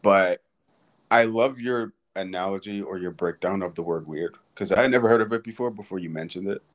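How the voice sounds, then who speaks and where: A man's voice: low voice, brisk. A man hosting a casual podcast, asking questions and eagerly agreeing with his guest. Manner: eager, agreeable interviewer, frequent laughs and affirmations. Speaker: podcast host.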